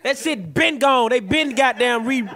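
A man with a Southern US accent, co-hosting a comedy podcast and riffing loudly, often shouting and laughing as he tells stories. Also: extremely high pitch, measured pace, slight background noise. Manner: loud animated storytelling, often shouting and laughing. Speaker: podcast co-host.

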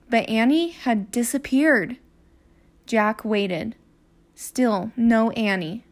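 A woman teacher hosting her own podcast, reading a children's chapter book aloud in a clear, expressive way. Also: fairly high pitch, takes it slowly.

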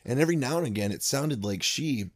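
A man's voice: mid-range voice, lively intonation, quick pace, no room sound, studio quality. A man hosting a podcast, chatting casually and swearing freely as he vents. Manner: profane, ranting. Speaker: podcast host. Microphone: home podcast mic.

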